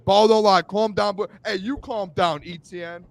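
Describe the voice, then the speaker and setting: A young man co-hosting a sports talk show, excitable and teasing, often shouting. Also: sits high, moderate pace. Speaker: co-host.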